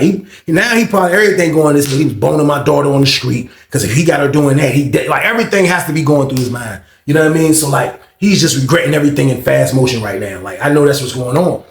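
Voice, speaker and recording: A man tells a story in loose, slangy talk that is animated and full of check-ins with his listeners. His voice is gravelly and pitched a bit high. The recording sounds echoey, as if made in a bare room. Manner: slangy, animated, repeats "you know what I mean". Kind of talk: casual storytime monologue.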